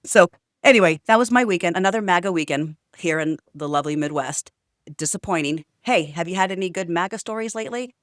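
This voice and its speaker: A woman's voice: lowish voice, quick pace, no room sound, studio quality. Blunt, outspoken woman ranting casually. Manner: blunt, outspoken, swears freely; chatty with many fillers. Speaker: vlogger. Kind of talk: casual storytelling rant to camera.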